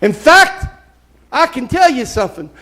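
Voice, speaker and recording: A man preaching a live church sermon, impassioned and folksy, with bursts of shouting. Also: very high-pitched, sing-song, moderate pace. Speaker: pastor. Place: church sanctuary.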